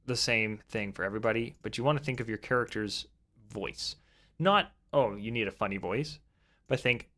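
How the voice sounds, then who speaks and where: A man's voice: mid-range voice, fairly bright tone. A young man giving casual, rambling advice about tabletop role-playing, with frequent fillers and restarts. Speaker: tabletop game YouTuber.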